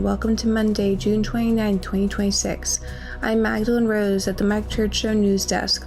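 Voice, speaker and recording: A woman reads the morning headlines from a news desk. Her delivery is even and measured, every line scripted and steady. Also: medium pitch, creaky. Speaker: news reader.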